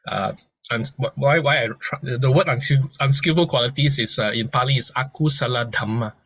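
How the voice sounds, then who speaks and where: Husky-voiced man teaching gently. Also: medium pitch, fairly quick, dry recording, poor audio. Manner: gentle and conversational, many restarts and soft laughs. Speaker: dharma teacher. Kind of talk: informal lecture with analogies.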